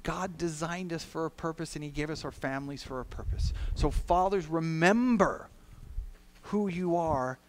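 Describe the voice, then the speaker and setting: A male pastor preaching a sermon in a church, earnest, shifting from soft, quiet lines to loud, emphatic ones. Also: a little high, normal speed, few pauses. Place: church sanctuary.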